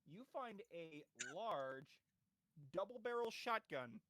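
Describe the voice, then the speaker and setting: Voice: medium pitch, lively intonation, slow pace, a bit bright, no echo. A game master narrating a tabletop game, describing finds loosely with fillers. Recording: noisy background.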